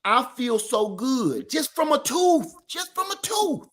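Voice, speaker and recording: A middle-aged man with an East Texas accent tells stories with animated, folksy energy. His voice sits high and bright. The talk is a loose, casual livestream chat. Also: slow pace. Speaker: livestream co-host.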